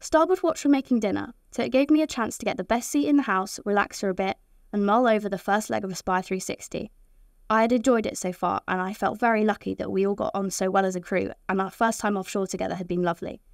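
A woman's voice: mid-range voice, fast talker, vocal fry, dry recording, studio quality. A teenage girl reading a scripted voice-over for her sailing vlog, in a plain, upbeat storytelling way. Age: teens. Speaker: vlogger.

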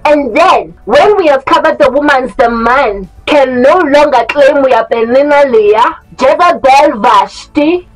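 Indignant rallying woman played by a woman; preachy, high-pitched. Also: measured pace, hardly any pauses, poor audio. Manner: preachy, rallying call-and-response. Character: indignant woman rallying other women against men.

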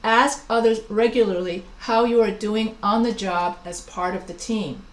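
A woman's voice: medium pitch, fairly even intonation, a little slow, roomy sound, low-quality recording. A woman teaching a business communication class, talking in a chatty, anecdotal way with many restarts and asides. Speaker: instructor. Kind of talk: recorded class lecture.

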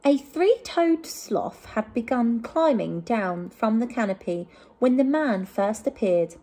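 A woman teacher from England reading a picture book aloud to young children, with gentle asides to them. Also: a little high, expressive, slow.

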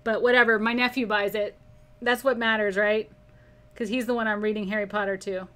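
Her voice sits at a medium pitch, level and fairly quick, with a fairly bright tone. She's leading a live painting lesson, reading out chat comments, keeping it casual and laughing frequently.

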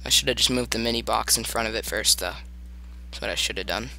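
A man's voice: lowish voice, fast talker, creaky, sharp tone. A man giving jokey let's play commentary and talking to the game. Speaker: gamer.

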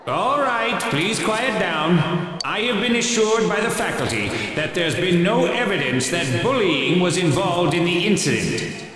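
A stern school official, echoey hall. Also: male voice, high voice, animated, a crowd in the background. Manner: formal, stern, measured. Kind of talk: video game dialogue. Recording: echoey hall from far off, with music.

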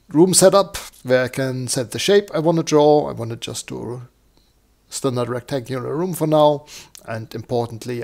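A man with a croaky, slightly hoarse voice, walking through a software demo live and thinking aloud with lots of fillers. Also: mid-range voice. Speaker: software tutorial presenter. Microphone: desktop microphone.

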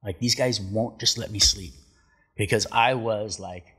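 A man's voice: lowish voice, measured pace, fairly bright tone, slightly rough. A middle-aged man telling stories in a casual chat, laid-back, swearing a lot and acting out what people said. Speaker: podcast guest, pro surfer. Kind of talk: casual storytelling. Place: studio.

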